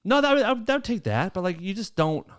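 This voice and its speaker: Quick-paced and clean in tone, a young adult man's high-pitched voice leads a casual podcast story. He laughs mid-story, stays animated, and acts out the quotes with plenty of laughter.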